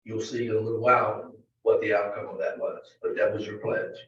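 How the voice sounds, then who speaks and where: A man presenting a county budget to a board in a halting, filler-heavy way, recorded in a meeting room. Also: fairly low pitch, level tone, fairly bright tone. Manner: halting, many fillers and restarts. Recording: distant, very echoey, dull meeting-room audio.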